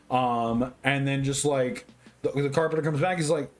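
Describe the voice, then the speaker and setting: A man's voice: medium pitch, normal speed. Tipsy man ranting about a cartoon. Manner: profane, rambling, excitable. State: tipsy, drinking. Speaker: movie reviewer. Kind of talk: casual drunk movie review.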